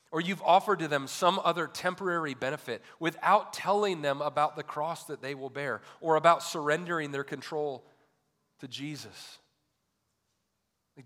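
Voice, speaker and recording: A male pastor delivers a sermon, posing rhetorical question after rhetorical question. His delivery rises to loud, emphatic peaks and sinks to quiet, low drops, all carried by long hall reverb.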